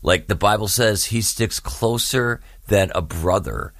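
A man presenting a short devotional radio spot, telling a story in an animated way. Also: lowish voice, measured pace, no echo, studio quality.

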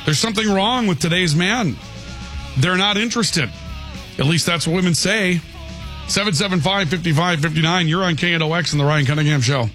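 A man hosting a talk radio show, chatting in a relaxed, wry way. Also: high voice, fairly quick, faint music behind. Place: radio studio.

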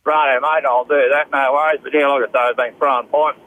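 An Australian man calling in to a radio show, chatting in a relaxed, laconic, matey way. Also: medium pitch, fast, narrow, tinny audio. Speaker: caller. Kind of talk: casual phone-in chat.

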